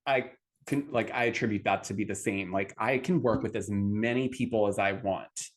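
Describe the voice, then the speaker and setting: A man's voice: lowish voice, moderate pace. Chatty man hosting a podcast. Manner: rambling, animated, many fillers. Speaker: podcast host. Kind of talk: casual chat.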